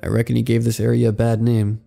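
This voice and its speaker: Man doing a gruff country-accented old ranger. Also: mid-range voice, monotone, quick pace, warm tone, faint music behind. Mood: grim. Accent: American country. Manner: drawling, blunt. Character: gruff older male park ranger, blunt.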